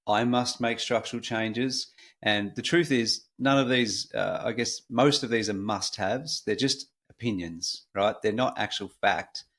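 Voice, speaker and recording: A middle-aged Australian man hosting a podcast in a relaxed, chatty way with frequent fillers. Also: fairly low pitch, a little slow. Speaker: podcast host. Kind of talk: casual conversational podcast.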